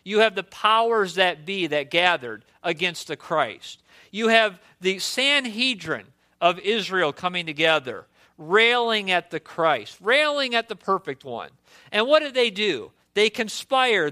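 Bright, high-voiced impassioned male preacher. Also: very animated, a little slow. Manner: impassioned, rhetorical questions. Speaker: pastor. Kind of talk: sermon.

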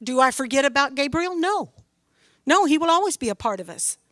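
Woman, high-pitched, earnest and emphatic, spoken testimony, dry recording. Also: animated, quick pace, a bit bright, no echo. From Missouri. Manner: earnest, emphatic, faith-filled. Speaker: mother giving a testimony.

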